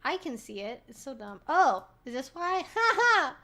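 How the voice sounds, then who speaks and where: A high-pitched young woman chats loosely on a live stream. She rambles, swears and laughs a lot, with a slightly tipsy looseness. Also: expressive, normal speed, fairly bright tone. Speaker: streamer hosting a Q&A. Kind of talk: casual live-stream chat.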